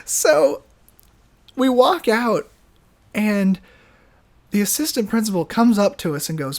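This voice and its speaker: Young man, podcast co-host, casual storytelling, animated, lots of fillers. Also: high-pitched, slow, vocal fry, pauses often. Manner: animated, filler-heavy storytelling with many restarts.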